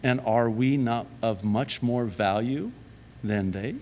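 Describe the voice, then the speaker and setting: Animated preacher in a reverberant hall. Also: male voice, medium pitch, slow, slight background noise. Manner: animated and conversational, laughs at his own jokes. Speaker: pastor. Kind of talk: sermon. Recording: long reverb of a large hall.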